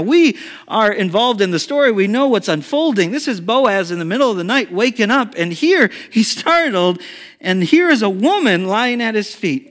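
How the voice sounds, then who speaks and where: A male pastor with a high voice preaches to his congregation. He tells the story with lively, conversational energy and keeps asking rhetorical questions. His voice rings out in a church hall with a long reverb. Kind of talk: sermon.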